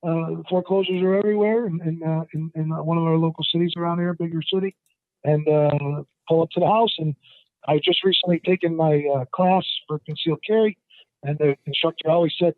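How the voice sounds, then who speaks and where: A man tells stories as the guest in a casual interview. He rambles, restarts, and fills pauses as he goes. His fairly high voice comes through a dry, tinny phone line. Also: fairly even intonation, no room sound. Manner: rambling, many fillers and restarts; acts out the people in his stories in a higher voice. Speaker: guest appraiser.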